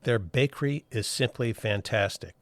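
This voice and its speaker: A man hosting a podcast, reading his lines in a measured way with a dry, wry humor. His voice sits at an ordinary middle pitch. It is recorded close up in a dead, dry space. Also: dry recording. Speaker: podcast host. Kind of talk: scripted intro and interview.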